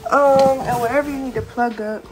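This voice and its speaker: A teenage girl chatting in a casual vlog from her bedroom, gushing, excitable and slangy as she talks to her viewers. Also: sits high, brisk, music in the background. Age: teens. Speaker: vlogger.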